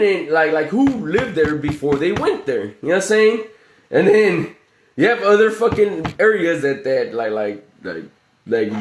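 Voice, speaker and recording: A man rambles through a profane livestream rant, circling back to the same filler again and again. His voice sits a little high for a man, and it bounces around an echoey room. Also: slight background noise. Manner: profane, repetitive, keeps saying "you know what I'm saying". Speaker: livestream host.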